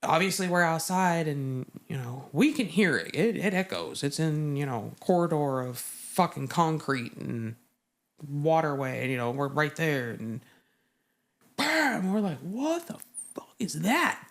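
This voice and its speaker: A woman's voice: low voice, unhurried. Profane storytelling woman veteran. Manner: profane, vivid storytelling with acted-out quotes. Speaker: guest; Navy veteran. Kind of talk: casual interview chat.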